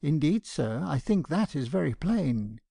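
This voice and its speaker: A man's voice: on the high side, big pitch swings, measured pace, gravelly, dark tone, breathy edge, no echo, clean studio sound, exaggerated voice. A man voicing a fussy, earnest old doctor. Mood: earnest reproof. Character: fussy, earnest elderly male doctor, gently reproving. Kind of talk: audiobook character reading.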